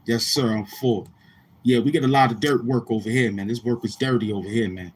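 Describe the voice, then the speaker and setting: A man's voice: medium pitch, a little fast, slight background noise. A man with a Brooklyn accent hosting a casual stream, chatting in slang and rapping bars. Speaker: YouTube host. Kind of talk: live-stream freestyle and chat.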